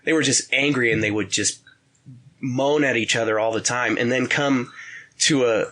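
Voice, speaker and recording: Young guy, bright voice, stumbles over his words and keeps laughing, casual podcast chat. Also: medium pitch. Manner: rambling, halting, laughs often. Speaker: podcast guest, former MMA fighter.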